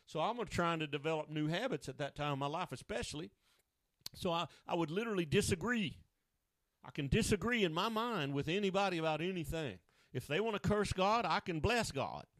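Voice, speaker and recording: A man's voice: fairly high pitch, fairly bright tone, dry recording. A male pastor preaching a down-home radio sermon, telling stories in casual, colloquial speech. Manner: down-home storytelling, colloquial grammar.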